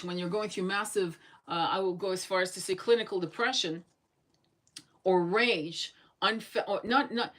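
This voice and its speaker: A woman's voice: mid-range voice, a bit bright, rough recording. A woman giving a casual tarot reading, blunt and chatty, swearing freely as she goes through the cards. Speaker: tarot reader.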